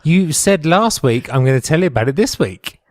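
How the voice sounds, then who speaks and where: A man's voice: fairly high pitch, animated, normal speed, no echo, clean studio sound. A man co-hosting a comedy podcast, playful and joking. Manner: playful, joking, breaks into silly voices. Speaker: podcast co-host. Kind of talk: casual comedy podcast chat.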